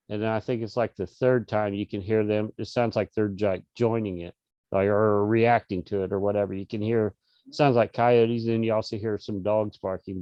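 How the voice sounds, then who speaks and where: A man's voice: lowish voice, darkish tone, clear, resonant tone, no echo, lo-fi sound. A middle-aged man, an interview guest, telling a casual story over a video call with lots of restarts and fillers. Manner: rambling, many restarts and fillers.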